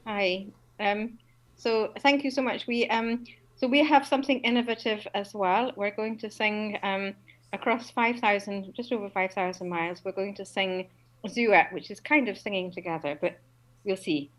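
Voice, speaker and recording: A woman's voice: mid-range voice, fairly even intonation, moderate pace, poor audio. A woman on a video call introducing her duet, hesitant and using fillers. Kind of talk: casual chat on a video call.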